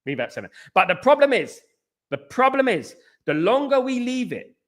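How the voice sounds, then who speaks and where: A man's voice: very high-pitched, very animated, moderate pace. A man hosting a football fan live stream, answering chat and ranting with strong opinions, often repeating himself. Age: adult. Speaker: football fan channel host.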